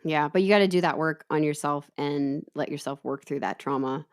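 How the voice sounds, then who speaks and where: A woman's voice: sits low, a little fast, clean tone. A woman co-hosting a casual podcast chat, talkative and laughing easily. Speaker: podcast co-host.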